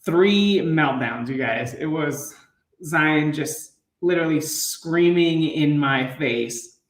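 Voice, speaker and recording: A man's voice: fairly high pitch, takes it slowly, distant mic. A man in his thirties, a fitness coach and father, chatting casually to viewers and laughing often. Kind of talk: casual live chat to viewers. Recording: roomy, off-mic.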